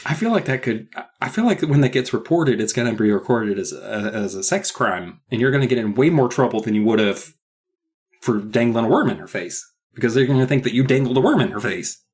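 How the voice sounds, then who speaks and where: Man, podcast co-host, husky voice, rambling casual chat, laughs a lot. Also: medium pitch, expressive, fairly quick, darkish tone. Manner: rambling, laughs often, plays out scenes in voices. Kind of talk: casual book-recap chat.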